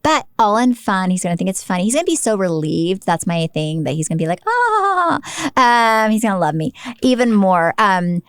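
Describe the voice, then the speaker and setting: A woman in her forties co-hosting a podcast, telling stories in an animated way and laughing often. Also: on the low side, fast, hardly any pauses, clean tone, no echo, studio quality. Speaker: podcast co-host. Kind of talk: casual podcast chat.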